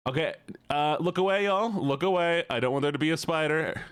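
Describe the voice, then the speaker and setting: A man's voice: fairly high pitch, brisk, smooth. A man streaming a game live, who is playful as he reads viewer messages aloud and answers them in casual chat.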